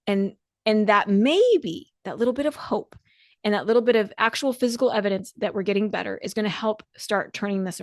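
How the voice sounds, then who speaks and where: A woman's voice: medium pitch, darkish tone, no room sound, studio quality. A woman hosting a solo podcast, coaching listeners in an encouraging, conversational way with repeated words. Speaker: podcast host and dance coach.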